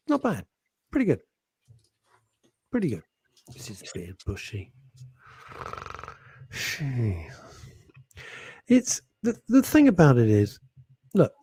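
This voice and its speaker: A male radio presenter tells a funny story in a husky voice that swings up and down. He is animated and laughs as he goes. The sound is dry and close, from a studio mic. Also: medium pitch, no echo. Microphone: studio microphone.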